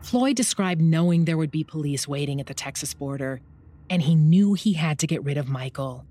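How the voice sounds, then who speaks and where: A woman giving measured, scripted documentary narration. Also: low voice, lively intonation, warm tone.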